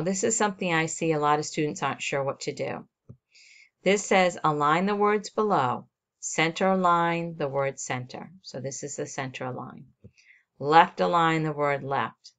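In a deep bass voice, a female teacher walks her students through a software assignment on a screen recording. She explains every step and narrates each click as she goes.

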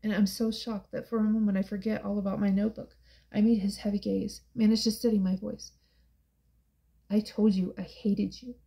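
Dark-toned, gravelly woman narrator. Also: medium pitch, flat delivery, fast, rough recording. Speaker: audiobook narrator. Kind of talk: first-person audiobook narration.

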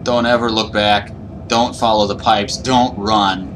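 A man's voice: lowish voice, level tone, measured pace, noisy background. A man giving nervous, panicky running commentary while playing a horror game. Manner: nervous, panicky self-talk. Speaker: gaming YouTuber.

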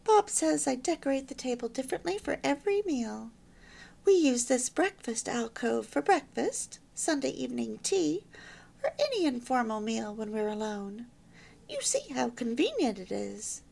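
A bright, chatty young bride in an old-fashioned storybook, her voice rising and falling with lively pride, as a woman reads her. The tone is a touch gravelly at the edges, eager and sweet. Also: sits high, moderate pace, exaggerated voice. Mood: proud, chatty. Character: cheerful young newlywed housewife, proud homemaker.

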